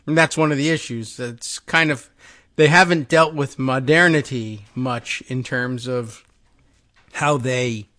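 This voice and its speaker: Male host, mid-pitched voice, loose rambling morning monologue with lots of uhs. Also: a little slow, bright, forceful tone. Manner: rambling, full of uhs and musing asides. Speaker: radio show host. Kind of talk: casual morning talk show monologue.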